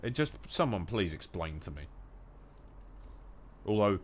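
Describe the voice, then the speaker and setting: A young English man chatting casually while gaming, jokey and rambling, with some swearing and bursts of loud mock shouting. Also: low voice, big pitch swings, unhurried, slight background noise. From England. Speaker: gaming streamer.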